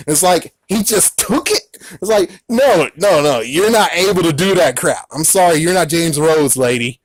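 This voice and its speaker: Excitable man rambling through a review. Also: high-pitched, normal speed, dry recording. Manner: excitable, rambling, full of exclamations. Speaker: movie reviewer. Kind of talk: casual movie recap.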